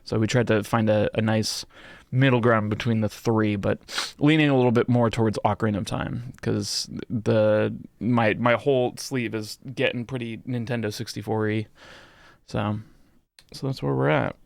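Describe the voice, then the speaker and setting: A man's voice: on the low side, fairly even intonation, normal speed, creaky, dry recording. A young man live-streaming, chatting casually with viewers, swearing a lot and mock-scolding his pet.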